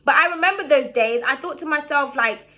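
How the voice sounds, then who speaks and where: A young woman talks straight to her audience in a loose, rambling way, full of fillers. Her voice sits a little high and rings bright and forward. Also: fairly quick. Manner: rambling, many fillers like "like" and "um", frank. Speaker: spiritual YouTuber. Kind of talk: casual talk to camera.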